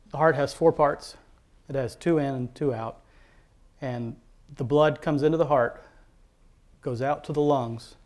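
A man's voice: mid-range voice, vocal fry, a little mellow. Earnest man sharing a faith testimony. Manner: earnest, halting, with many fillers and restarts; heartfelt, devout storytelling. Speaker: father telling his testimony.

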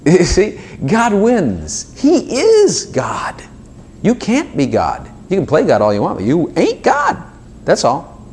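A preacher whose voice sits high gives an informal sermon to a small group, speaking slowly yet animatedly and addressing listeners directly. He fills it with frequent asides and little acted dialogues, against slight background noise.

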